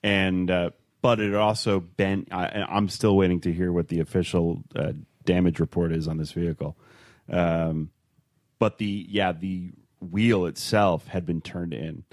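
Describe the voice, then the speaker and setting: A man co-hosting a podcast, telling a story in casual chat, rambling with halting restarts. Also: low voice, fairly even intonation, darkish tone, no echo, studio quality. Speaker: podcast co-host.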